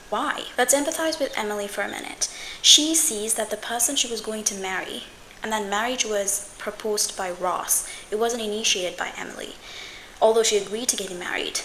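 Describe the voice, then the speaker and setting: A woman hosting a video essay, giving scripted commentary in a measured, analytical way. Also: medium pitch, a bit bright, a little hiss or hum, low-quality recording.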